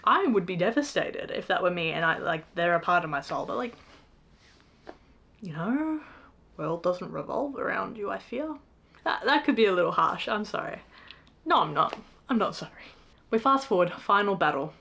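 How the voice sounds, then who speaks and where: Young woman, book review rant, sarcastic, exasperated, swears, laughs, mid pitch. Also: lively intonation, normal speed, creaky, fairly bright tone. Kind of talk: casual ranting book review.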